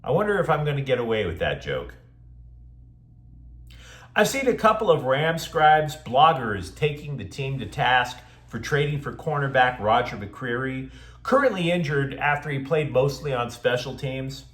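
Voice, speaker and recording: A man's voice: medium pitch, very animated, moderate pace, fairly bright tone, echoey room. A man hosting a sports show, delivering scripted commentary with sarcastic, mocking asides.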